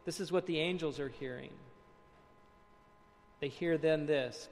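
Gravelly preacher in a reverberant hall. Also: male voice, on the high side, a little hiss or hum. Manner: reads quotes aloud, then explains with dramatic pauses and hushed emphasis. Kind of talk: sermon.

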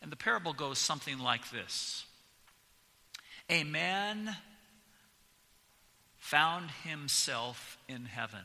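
Slow, gravelly man preaching a sermon. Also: fairly high pitch, big pitch swings, bright, forceful tone. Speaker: pastor. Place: church sanctuary. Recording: long church reverb.

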